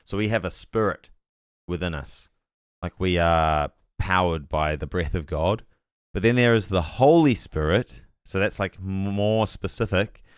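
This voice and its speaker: A man's voice: sits low, a little slow, clear, resonant tone, no room sound, studio quality. A man streaming a casual Bible talk, thinking aloud and correcting himself as he goes, and reading chat messages aloud with puzzled asides.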